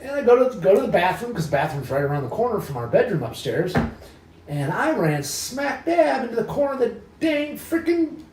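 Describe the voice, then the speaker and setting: Guy, middle-aged, telling his story all lively and up and down, mic far off in an echoey room. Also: very high voice, brisk, a little hiss or hum. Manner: animated, acts out his own past lines, swears freely. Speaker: homeowner. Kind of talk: casual storytelling in an interview. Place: inside a house. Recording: roomy sound from a distant mic.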